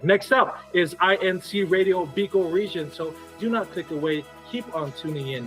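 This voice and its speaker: A man's voice: mid-range voice, breathy edge, low-quality recording. A man hosting a live radio talk show in a studio, upbeat and laughing often as he wraps up. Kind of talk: casual live radio chat.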